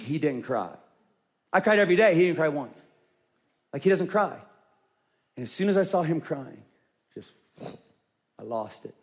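A male pastor in his forties preaching a sermon, telling a personal story in a lively way that swings from loud to hushed. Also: mid-range voice.

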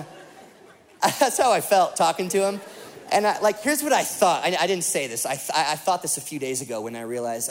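Animated high-voiced young preacher. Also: male voice, a little fast, noisy background. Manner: animated storytelling with many fillers. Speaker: pastor. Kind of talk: sermon.

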